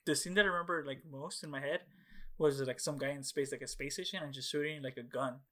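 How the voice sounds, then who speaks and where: Young male podcast co-host, slightly high voice, rambling and profane, acts out his own reactions. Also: steady tone, fast talker, pushed and bright. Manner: rambling storytelling full of fillers and swearing, acting out his own past reactions. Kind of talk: casual chat.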